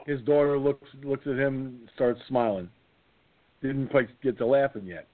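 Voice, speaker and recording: A man in his sixties hosting a casual talk show, telling a comic anecdote and jumping into silly high voices. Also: measured pace. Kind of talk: casual storytelling chat. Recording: phone-line audio.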